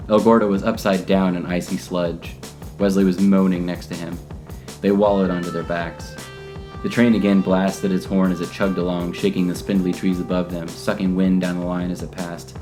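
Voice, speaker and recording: A man narrating a scripted audio drama in a measured, even storytelling manner. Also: low-pitched. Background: guitar music.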